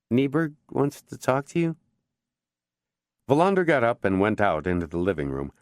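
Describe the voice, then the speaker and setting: A man giving measured, expressive scripted narration of a crime novel audiobook. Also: low-pitched, no room sound, studio quality.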